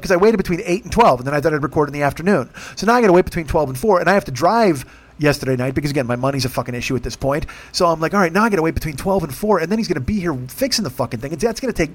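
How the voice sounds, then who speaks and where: A podcast host telling a long, rambling story in casual, profane language, with frequent restarts and exasperation. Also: male voice, medium pitch.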